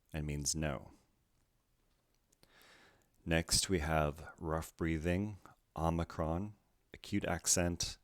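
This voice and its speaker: A man's voice: a bass voice, no room sound. A man teaching Greek pronunciation, going carefully through each word letter by letter in a methodical way. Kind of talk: slow letter-by-letter pronunciation lesson.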